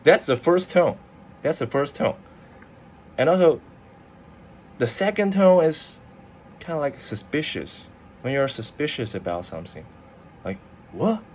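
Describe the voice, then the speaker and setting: Slow-talking man. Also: a little high, very animated, darkish tone, a little hiss or hum. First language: Mandarin Chinese. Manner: chatty, full of "like" fillers and restarts. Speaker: language teacher. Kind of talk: casual explainer video.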